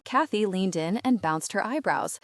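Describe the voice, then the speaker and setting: A woman narrating a first-person romance audiobook in a steady, even voice, read close to the mic. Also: mid-range voice, normal speed, no room sound.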